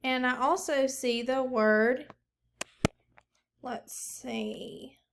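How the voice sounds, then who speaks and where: A woman teacher giving a recorded phonics lesson, talking slowly and encouragingly to young pupils. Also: high voice, a little hiss or hum.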